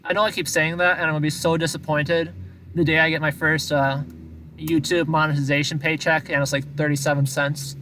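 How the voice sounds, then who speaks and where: A man's voice: a little high, little pitch movement, brisk, pushed and bright, a little hiss or hum. A talkative man from Wisconsin with a Wisconsin accent, rambling casually to his live-stream viewers from a parked car. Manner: talkative, rambling, self-deprecating. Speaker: live-streaming news chaser.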